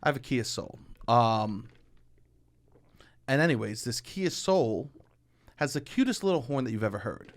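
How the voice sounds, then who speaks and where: A man from Staten Island co-hosting a podcast, chatting casually and animatedly, breaking into loud comic bits. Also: medium pitch, animated, moderate pace, pauses often. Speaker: podcast co-host. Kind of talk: casual chat.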